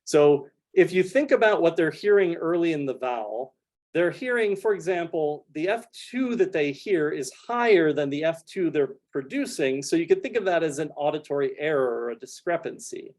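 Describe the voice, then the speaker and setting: A man delivers a science lecture in a lecture room, walking listeners through his data step by step. His voice sits a little high for a man, and his explanations are careful and full of small fillers. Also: expressive, normal speed, darkish tone. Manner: explanatory, frequent hedging fillers like "kind of". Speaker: researcher giving a talk. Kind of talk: academic lecture with slides.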